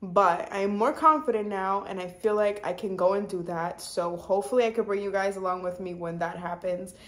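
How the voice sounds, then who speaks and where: Chatty twenties woman vlogging to camera, lots of "like", mid pitch, talks fast. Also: fairly even intonation. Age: 20s. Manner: chatty, says "like" a lot, sidetracks; warm and confiding, fast talking. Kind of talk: casual chat to camera.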